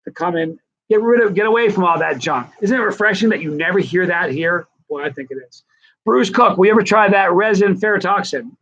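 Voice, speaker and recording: A man's voice: on the high side, a bit bright, highs cut off. Enthusiastic man rambling on a stream. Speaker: live-stream host. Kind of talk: casual live-stream chat.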